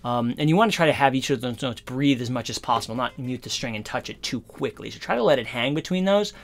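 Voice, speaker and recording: A man giving a casual guitar lesson, explaining in a relaxed, rambling way with lots of fillers. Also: medium pitch, quick pace, vocal fry. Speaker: guitar teacher. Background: guitar playing.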